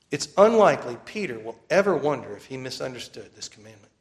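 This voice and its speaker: A man preaching a sermon in an earnest, emphatic way, slowing down to repeat key phrases. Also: a little high, expressive. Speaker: pastor.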